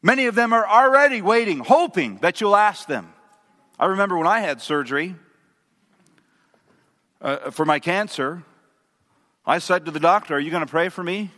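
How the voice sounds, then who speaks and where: A man's voice: high voice, expressive, moderate pace, long pauses, pushed and bright. A male pastor preaching a sermon, emphatic and asking the audience questions. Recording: long hall reverb.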